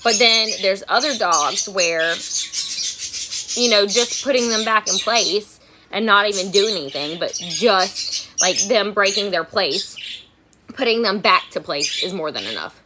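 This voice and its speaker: A woman dog trainer chats frankly on a home livestream while getting ready, often repeating herself. Her medium-pitched voice is expressive and measured in pace. Heavy background noise fills the recording from a phone or camera held at arm's length.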